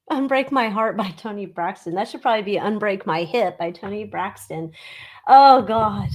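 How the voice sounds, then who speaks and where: A woman's voice: medium pitch, normal speed. A woman hosting a live tarot reading stream, chatting casually with viewers and cracking snarky jokes with lots of fillers. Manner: snarky, joking, laughs at her own jokes.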